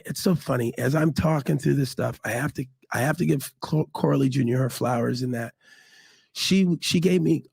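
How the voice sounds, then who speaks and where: A middle-aged man telling stories in a casual interview, animated and acting out quotes. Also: gravelly, slightly rough, dry recording. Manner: animated, acts out quotes with big pitch jumps. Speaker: guest.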